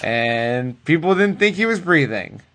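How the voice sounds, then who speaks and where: A man co-hosting a casual podcast, retelling wrestling in a loose, profane, animated way. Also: on the high side, unhurried. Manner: animated, profane storytelling that acts out the people it quotes. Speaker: podcast co-host recapping wrestling. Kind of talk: casual chat.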